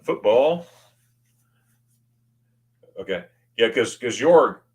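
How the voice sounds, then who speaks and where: A man hosting a casual livestream, greeting viewers by name and reading their comments, excitable and often stammering as he restarts his words. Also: medium pitch, unhurried, pauses often. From United States. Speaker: livestream host.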